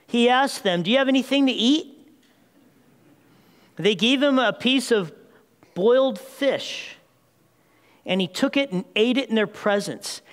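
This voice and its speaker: Man, pastor, sermon, very high voice, animated storytelling, long church reverb. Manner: animated storytelling preacher, addresses the congregation as "people". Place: church sanctuary.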